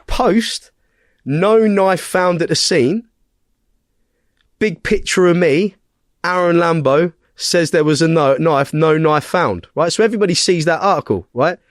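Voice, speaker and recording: A man's voice: fairly high pitch, measured pace, no room sound, studio quality. A man, a podcast guest telling a story in casual conversation. He swears constantly, talks bluntly and keeps checking in with tag questions. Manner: blunt, heavy swearing, animated retelling.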